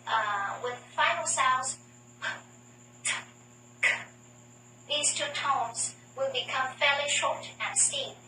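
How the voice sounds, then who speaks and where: A woman teacher with a Vietnamese accent, slowly and carefully explaining and drilling the tones of her language in a scripted lesson. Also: high-pitched, noisy background. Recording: echoey room, voice from far off.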